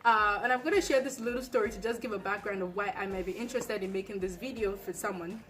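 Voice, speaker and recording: A woman's voice: medium pitch, quick pace, a bit bright. A young woman who moved to the United States, giving chatty, casual advice to camera with lots of fillers. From abroad, migrated to the United States. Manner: chatty, storytelling, many fillers. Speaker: vlogger.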